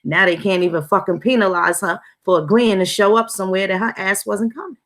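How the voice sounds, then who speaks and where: A woman's voice: medium pitch, steady tone, a little fast, fairly bright tone. A woman hosting a casual conversation, talking bluntly with heavy cursing and strong emphasis. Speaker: host.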